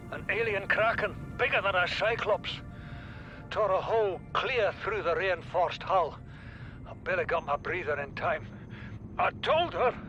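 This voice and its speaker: An actor playing a weary, fatalistic stranded survivor, speaking in a grave, measured tone in a game audio log. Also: male voice, sits high, low-quality recording. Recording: game audio log over loud music. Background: music.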